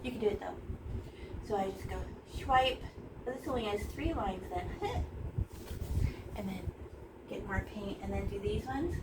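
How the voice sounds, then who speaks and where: A woman's voice: medium pitch, animated, unhurried, pauses often, noisy background. A woman teaching a casual painting lesson, playful and chatty, tossing in silly sound effects as she works in a small art room.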